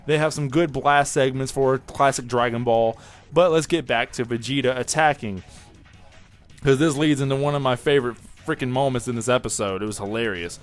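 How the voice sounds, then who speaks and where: Excitable rambling male anime reviewer. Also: mid-range voice, fairly quick. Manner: rambling and excitable, restarts and corrects himself. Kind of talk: casual spoken episode review.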